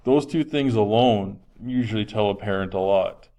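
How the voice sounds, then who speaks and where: Male teacher, lower register, resonant, chatty lecture style. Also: normal speed, dark tone, muffled recording. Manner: conversational, frequent um fillers, projecting voice. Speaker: health teacher. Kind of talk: classroom lecture.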